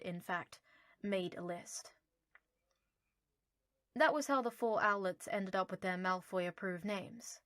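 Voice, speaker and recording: A woman narrating an audiobook in a lively, playful storytelling manner. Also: mid-range voice, slow, long pauses, no room sound, studio quality.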